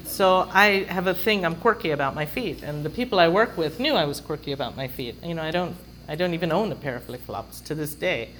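Middle-aged woman, wry storyteller, chatty, slightly low voice, faint background hiss. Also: lively intonation, brisk, few pauses, fairly bright tone, rough recording. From London. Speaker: speaker sharing a recovery story. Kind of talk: humorous personal storytelling.

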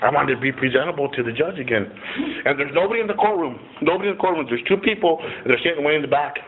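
A man's voice: a little high, animated, fast talker. A middle-aged man casually telling a personal recovery story, profane and rambling, with lots of "you know" fillers. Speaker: speaker sharing a recovery story. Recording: tinny phone-like recording with faint hiss.

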